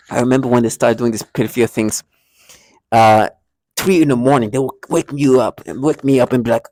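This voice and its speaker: A man's voice: medium pitch, animated, a little fast, vocal fry, a little mellow, no room sound. A man talking emotionally to camera in an agitated monologue, stammering and repeating words as he goes. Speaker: vlogger.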